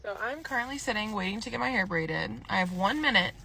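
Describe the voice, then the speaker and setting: A woman's voice: mid-range voice, lively intonation, fast, creaky, pushed and bright, slightly rough, rough recording. A woman vlogging casually into her phone, chatty and sarcastic with laughing asides, with faint noise behind her. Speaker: hairstylist vlogging. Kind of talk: casual vlog chat. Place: sitting outside a salon.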